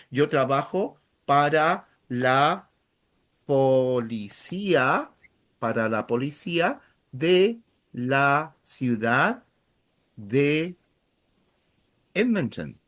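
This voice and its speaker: Guy teaching spanish, slow and bouncy, counts everyone in then cheers them on. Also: medium pitch, a bit bright. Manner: drills by counting in, then praises each answer. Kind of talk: live language class.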